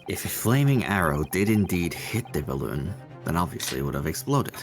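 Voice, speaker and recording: A reader voicing an earnest young male defense lawyer in a casual fan reading of game lines, with a thoughtful, deliberate delivery. The voice sits very low yet moves around a lot, and music plays clearly in the background. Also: very animated.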